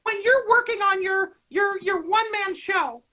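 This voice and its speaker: A man's voice: very high voice, normal speed, sharp tone. A man voicing a cheerful toilet paper roll puppet who hosts a comedic talk show and asks eager questions with corny puns. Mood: chipper. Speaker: host.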